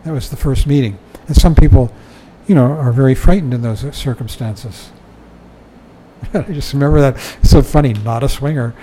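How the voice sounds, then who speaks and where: A man's voice: mid-range voice, normal speed, dark tone, a little hiss or hum, poor audio. An older man giving a dharma talk, reading from a book and commenting in a conversational way, often chuckling and saying "you know".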